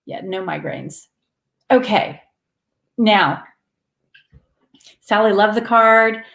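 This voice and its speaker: A woman's voice: medium pitch, slow, gravelly, a bit bright, echoey room. A woman hosting a spiritual live stream, chatting with viewers in an earnest, rambling way and laughing often.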